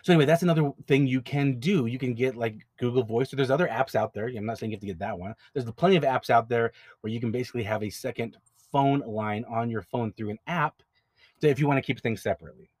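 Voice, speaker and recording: A man's voice: mid-range voice, fast, darkish tone, no echo. A man hosting an advice podcast, talking casually and directly, often repeating words as he explains. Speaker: podcast host, notary signing agent business owner.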